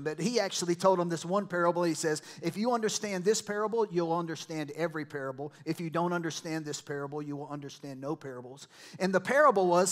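In a church, a male pastor with a slightly high voice preaches as if chatting with his congregation. He breaks into side stories and acts out what people said.

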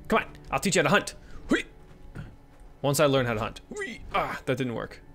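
A young man giving casual let's-play commentary, swinging between excited yelps and hushed murmurs, swearing casually and coaxing his in-game kids along. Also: mid-range voice, fairly quick, soft background music.

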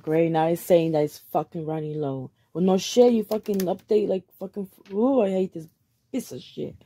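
A woman crafts a gift in a casual vlog, quick to get annoyed and cursing a lot as she talks. She speaks with a fairly low, dark voice at a moderate pace, over faint background noise.

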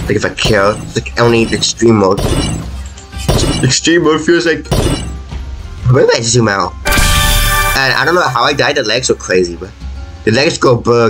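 Young male gaming YouTuber, mid-pitch, frantic play-by-play, music bed behind. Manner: frantic, pleading and self-mocking. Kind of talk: live gameplay commentary. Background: game music.

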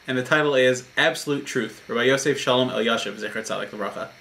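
Earnest rabbi, man, explains a parable with a bright, forward voice. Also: mid-range voice. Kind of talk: short Torah talk.

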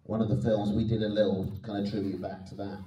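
A guest actor with a deep, dark voice answers panel questions at a convention, speaking fairly quickly in a level tone. He's chatty and self-deprecating, laughing often as he shares anecdotes, and the distant mic picks up the hall's echo.

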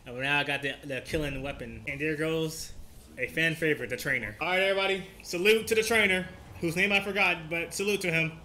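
A man giving excitable gameplay commentary, trash-talking and yelling at the enemies he fights. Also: a little high, a little fast. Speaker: gaming video host.

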